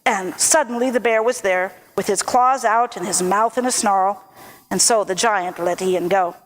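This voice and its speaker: A woman telling a folk tale aloud at a church service, lively and expressive. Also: medium pitch. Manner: lively, expressive, slow storytelling.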